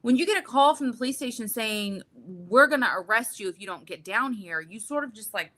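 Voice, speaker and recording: Bright-voiced woman telling a wild story. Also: fairly high pitch, brisk. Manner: animated, profane, acts out quotes. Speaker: podcast guest telling a story. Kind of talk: casual storytelling chat.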